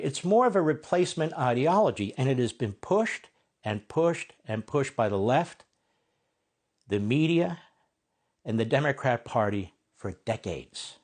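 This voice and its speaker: A man's voice: medium pitch, darkish tone. A man in his sixties hosting a TV opinion show, delivering an emphatic monologue full of rhetorical questions. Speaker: TV host.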